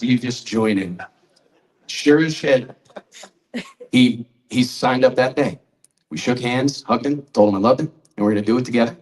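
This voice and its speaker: A man's voice: medium pitch, recorded from a distance, low-quality recording. A man in his forties, a magazine publisher, presenting honorees at a press conference and telling a story in a conversational way. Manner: storytelling, conversational, quotes people. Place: event hall at a trade show.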